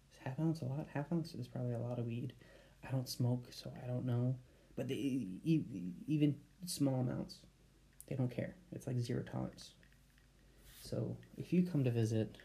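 A man's voice: medium pitch, creaky, mellow. A man hosting his own podcast, rambling casually and laughing at himself as he drifts off topic. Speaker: podcast host. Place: home in Japan.

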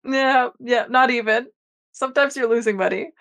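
Young woman, podcast host, casual rambling chat, somewhat high voice. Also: moderate pace. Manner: rambling, many fillers and restarts, animated storytelling.

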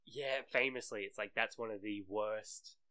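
An Australian man with a bright, forward voice, talking loosely in a casual podcast chat. He rambles, swears freely and drops into jokey mock accents now and then. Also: on the low side, fairly even intonation, moderate pace, no echo. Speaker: podcast co-host.

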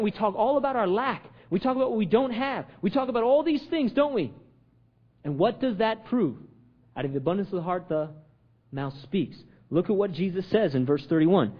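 A man preaching a sermon, firing off repeated rhetorical questions and swinging from loud, emphatic lines to hushed ones. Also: high voice, lively intonation, brisk, lo-fi sound. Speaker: pastor.

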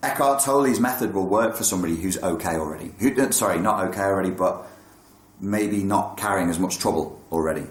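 This low-voiced man speaks briskly, and the room has an echo. His talk on meditation is casual and blunt, with some cursing, and he voices his own thoughts as if quoting them. He comes across as a regular speaker on meditation and mental health.

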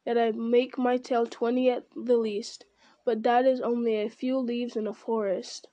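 A woman reading as a calm elf archer. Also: on the high side, normal speed, no echo, dull audio, close to an everyday voice.

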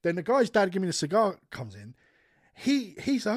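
Animated sweary man telling a story. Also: sits high, normal speed, husky. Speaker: podcast co-host. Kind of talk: casual storytelling chat.

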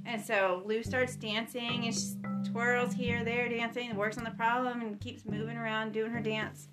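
A woman's voice: on the high side, flat delivery, moderate pace, over loud music. A woman casually retelling a movie plot in a rambling, chatty way, with frequent ums.

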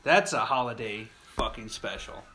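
A man's voice: on the low side, bright, forceful tone, slight background noise. Chatty male podcast co-host. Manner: loose, chatty, quick to add jokes. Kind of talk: casual comedic chat.

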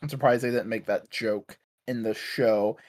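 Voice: medium pitch, moderate pace. A podcast co-host casually recapping an episode, acting out quotes with profanity. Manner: animated storytelling, acts out quotes, profane.

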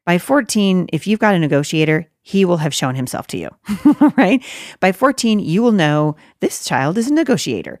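In a clean studio recording with no room sound, a middle-aged woman gives an earnest, faith-based Christian parenting talk. Her fairly low, slightly mellow voice is very animated at a moderate pace, and she stays conversational and emphatic, adding rhetorical asides.

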